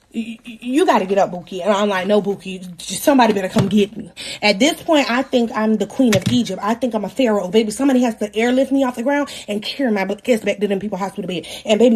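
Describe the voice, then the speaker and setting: Animated young woman telling a story live. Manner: animated, profane, dramatic retelling with shifting pitch. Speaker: livestream host. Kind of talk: casual storytelling to live chat.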